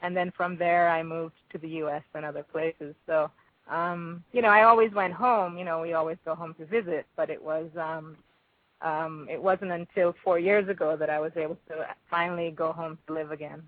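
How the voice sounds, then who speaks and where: A woman's voice: deep voice, steady tone, moderate pace, no echo. A middle-aged Jamaican woman interviewed as a guest, answering thoughtfully with many ums and restarts. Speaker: guest filmmaker. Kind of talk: radio interview. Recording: tinny phone line, dry.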